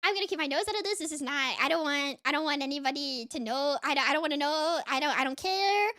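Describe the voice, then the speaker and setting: A woman quoting a dismissive young male student in a story recap, in a slightly lower, flippant tone. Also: expressive, quick pace, sharp tone. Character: indifferent young male student, shrugging off trouble.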